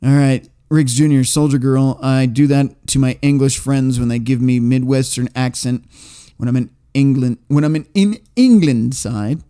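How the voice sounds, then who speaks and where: A man's voice: medium pitch, normal speed, dark tone, clean tone. A man hosting a livestream, reading chat comments aloud in a rambling, profane way and laughing often.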